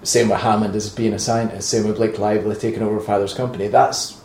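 A man's voice: fairly low pitch, flat delivery, quick pace, gravelly, a little mellow, slight background noise. A man hosting a casual film-review chat, joking and laughing often. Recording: echoey room.

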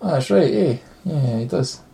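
A man's voice: a little high, animated, moderate pace, gravelly, warm tone. A man, chatting casually about a film and rambling through a long anecdote with swearing and laughs.

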